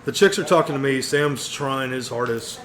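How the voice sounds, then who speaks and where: A man's voice: medium pitch, normal speed, fairly bright tone. Profane rambling male storyteller. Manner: profane, rambling, says "dude" and "bro" a lot. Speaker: podcast co-host. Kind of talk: casual storytelling chat.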